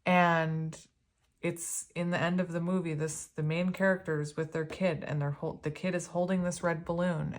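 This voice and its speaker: A woman giving a casual spiritual tarot reading, talking in an earnest, rambling way with lots of "like" and "you know". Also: on the low side. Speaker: tarot reader.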